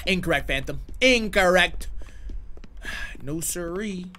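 A man streaming a horror game live, excitable and profane, chatting with his viewers in slang and breaking into shouts. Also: a little high, slight background noise. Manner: slangy banter with chat. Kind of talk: live horror gameplay commentary.

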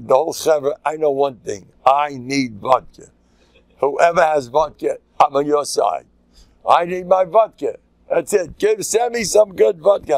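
A man's voice: mid-range voice, gravelly, darkish tone, no room sound, rough recording. An older man, a rabbi from the USA, giving an informal, joking Torah class sprinkled with Yiddish and Hebrew terms.

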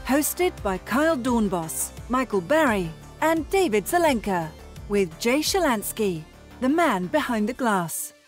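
A woman reading a scripted podcast intro, lively and polished. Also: a little high, unhurried, soft background music. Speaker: show announcer.

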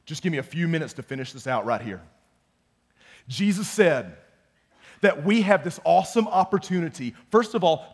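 A young man giving a youth sermon as student pastor, animated and often close to shouting. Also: high-pitched, normal speed, slightly rough. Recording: long hall reverb.

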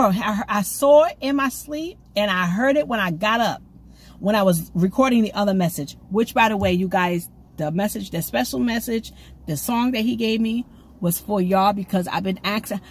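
A woman giving an excitable, rambling prophetic message to her viewers, recorded on her own camera at home. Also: medium pitch, slightly rough. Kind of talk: casual prophetic video message. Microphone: camera she sets up herself.

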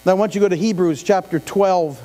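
This is a fast-talking middle-aged pastor with a high, warm voice, preaching a conversational sermon in a church sanctuary. He regularly poses questions to the congregation and slips in asides, heard through a live stream with long reverb and mains hum.

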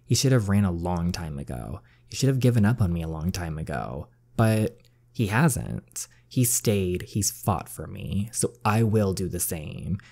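Brief: man voicing a heartsick young woman in a story game; mellow, earnest. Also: low voice, animated, unhurried, creaky, exaggerated voice. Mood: anguished. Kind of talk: reading a story game aloud.

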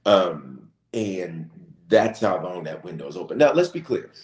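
A bishop preaching with impassioned, rising emphasis in a casual church talk. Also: male voice, low voice, a little mellow, echoey room.

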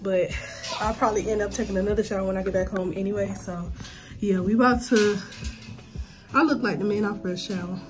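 A woman's voice: medium pitch, fairly even intonation, fairly quick, music in the background. A young woman in a casual vlog, chatting straight to her viewers in an emotional, talkative way. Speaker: vlogger, mother. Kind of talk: casual vlog chat to camera.

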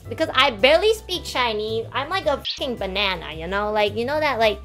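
A young woman in her twenties tells a story to her stream, animated and exasperated, with frequent swearing. Her voice sits high. Faint music plays in the background. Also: fairly quick, hardly any pauses. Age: 20s. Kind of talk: casual storytelling to a live stream.

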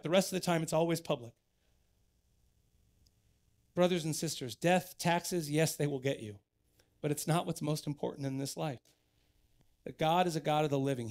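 Man, pastor, sermon in church, high voice, gravelly edge, earnest, emphatic. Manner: earnest, building to emphatic exhortation.

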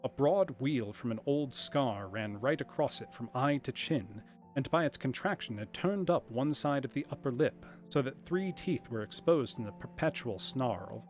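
Expressive male storyteller over soft music. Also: medium pitch. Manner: expressive, measured reading. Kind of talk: reading a classic story aloud on a livestream.

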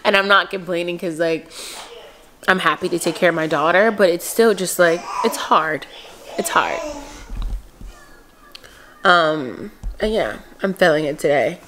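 A woman's voice: fairly low pitch, unhurried, long pauses, a bit bright, slight background noise. A woman in her twenties from Philadelphia, talking candidly in a casual mom vlog, rambling and full of "like". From Philadelphia, USA. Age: 20s. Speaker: mom vlogger.

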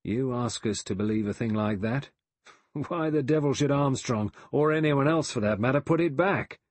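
A man voicing a blunt, stolid, suspicious man in an audiobook, accusing in manner, with a low husky voice. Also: steady tone, moderate pace, darkish tone, dry recording. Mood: scornful. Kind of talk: audiobook character voice.

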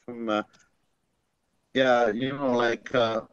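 A man teaching through unhurried stories, full of fillers and the tag "eh?". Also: medium pitch, little pitch movement, clear, resonant tone, no echo. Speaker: language teacher. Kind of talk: storytelling teaching talk. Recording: dry, dull lo-fi recording.

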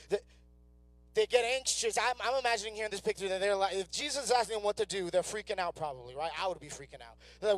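A man's voice: sits high, animated, quick pace, no room sound, soft background music. A young man preaching a conversational sermon as youth pastor, acting out people's doubts in their own words. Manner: conversational preaching, acts out inner voices. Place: church sanctuary.

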